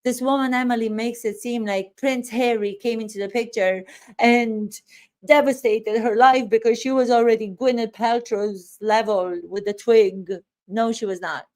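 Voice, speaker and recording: A woman's voice: a little high, steady tone, moderate pace, a little mellow. A woman acting coach giving reaction commentary, emphatic and incredulous, firing off rhetorical questions.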